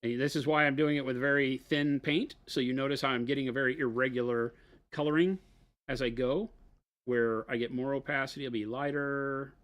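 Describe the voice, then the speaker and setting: A man demonstrating painting on a livestream, explaining his brushwork in a relaxed, casual way. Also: mid-range voice, brisk. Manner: relaxed, explains as he paints, laid-back slang. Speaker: painting instructor. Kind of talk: casual painting demo chat.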